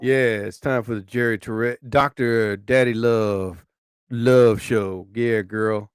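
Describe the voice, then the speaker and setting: A swaggering ladies'-man radio persona who croons his lines low and slow. The sound is dry and close, with a man doing the voice. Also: steady tone, clear, resonant tone, no room sound, soft background music, lightly acted. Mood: seductive. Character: smooth-talking male radio-lover persona, cocky.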